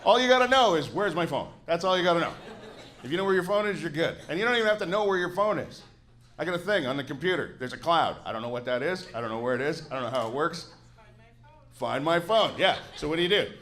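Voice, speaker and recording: A man's voice: a little high, animated, fast, a bit bright. Grouchy, profane man in his forties doing stand-up. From Canada. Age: 40s. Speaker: stand-up comedian. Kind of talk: stand-up comedy set. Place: comedy club stage with a laughing audience.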